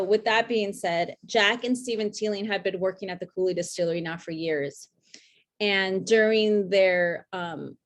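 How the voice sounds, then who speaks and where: A woman hosting a virtual whiskey tasting over a video call, telling a brand's history in a loose, chatty way with many fillers and restarts. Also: medium pitch. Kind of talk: casual talk for a virtual tasting.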